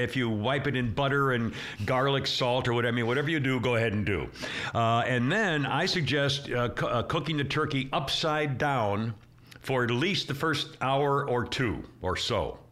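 A man's voice: medium pitch, fairly bright tone. Rambling male talk show host. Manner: rambling, self-interrupting, chuckling. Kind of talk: casual radio talk.

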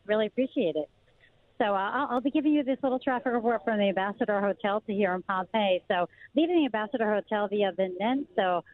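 A woman traffic reporter giving a brisk, playful traffic report on the radio. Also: medium pitch, dry recording. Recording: dry tinny phone line.

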